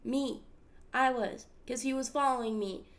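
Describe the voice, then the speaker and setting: This podcast host from the States speaks a little slowly in a high voice with fairly even intonation. She's telling a personal story in a casual chat, candid and emphatic, and swears freely.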